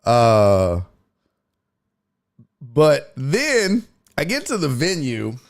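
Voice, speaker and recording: A man's voice: medium pitch, wildly swooping pitch, very slow. A male comedian and podcast host telling a story in casual chat, profane and exclaiming.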